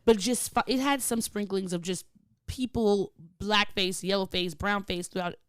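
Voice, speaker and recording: A young adult woman co-hosting a podcast in casual, candid chat, animated and swearing freely. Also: mid-range voice, moderate pace, clear, resonant tone, dry recording, studio quality. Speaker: podcast co-host.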